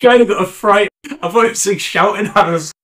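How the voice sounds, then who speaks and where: A man's voice: high-pitched, fairly quick, a bit bright. A man co-hosting a casual podcast, easygoing and joking. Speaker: returning podcast co-host.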